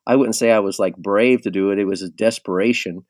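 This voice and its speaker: A man hosting a podcast, chatting in a relaxed way with his guest. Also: lowish voice, fairly quick, no echo. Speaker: podcast host. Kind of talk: casual interview chat.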